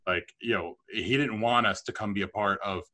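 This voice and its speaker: A middle-aged man telling stories about his career as a podcast guest, chatty and animated with self-deprecating humor. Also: lowish voice, normal speed. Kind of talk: storytelling interview.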